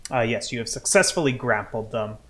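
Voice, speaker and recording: A man's voice: mid-range voice, animated, brisk, bright, forceful tone. Easygoing man running a tabletop game. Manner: easygoing, laughs often, calls for rolls. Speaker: game master.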